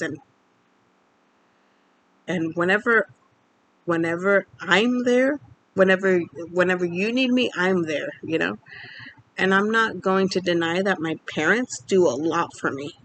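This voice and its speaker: A young woman from Mexico, in her twenties, rambles candidly through a personal story on her casual vlog, using many fillers. Her voice is mid-range, and a little hiss or hum can be heard.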